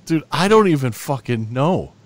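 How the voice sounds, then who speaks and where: A man's voice: fairly high pitch, sing-song, moderate pace, no room sound. A man co-hosting a podcast in casual chat, laid-back and profane, often sighing. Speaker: podcast co-host.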